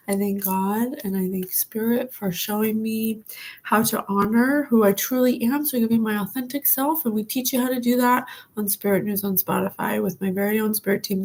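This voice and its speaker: A woman psychic host talking casually and warmly to her followers, rambling and laughing often. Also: medium pitch, poor audio. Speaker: psychic reader and podcast host. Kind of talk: casual spiritual talk to camera.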